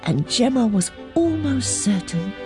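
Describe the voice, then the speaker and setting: A woman reading a children's story aloud in a gentle, expressive narrating voice. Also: on the high side, a little slow, over music.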